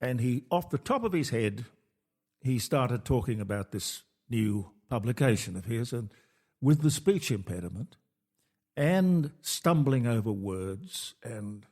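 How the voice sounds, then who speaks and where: A man's voice: medium pitch, expressive, a little slow, darkish tone. A man hosting a radio talk show, telling stories in casual chat and quoting people animatedly.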